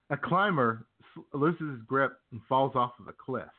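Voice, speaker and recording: A man's voice: mid-range voice, a little slow. A man co-hosting a comedy show, telling jokes casually and acting out the characters. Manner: animated, acts out characters in jokes. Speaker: podcast co-host. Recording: tinny phone-like sound.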